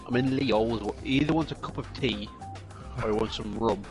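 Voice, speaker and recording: A man's voice: fairly low pitch, a little fast, music in the background. A man co-commentating a racing stream in casual chat, with dry, easygoing banter.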